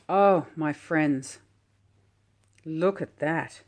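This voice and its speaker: A woman calmly unboxing a tarot deck while sitting on her floor, gushing and admiring each card at an unhurried pace. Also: deep voice. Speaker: tarot vlogger. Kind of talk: relaxed unboxing commentary.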